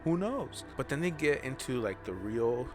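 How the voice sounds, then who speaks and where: A man's voice: medium pitch, animated, normal speed. A young man casually recapping a show episode, rambling and chatty, with lots of "you know" and "like.". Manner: drops to an aside whisper now and then. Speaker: recap host. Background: background music.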